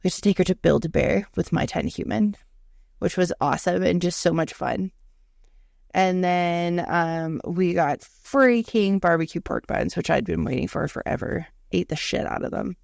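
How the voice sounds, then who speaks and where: A woman co-hosting a podcast, telling animated, profane stories in casual chat. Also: on the low side, normal speed, vocal fry, no room sound, studio quality. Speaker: podcast co-host.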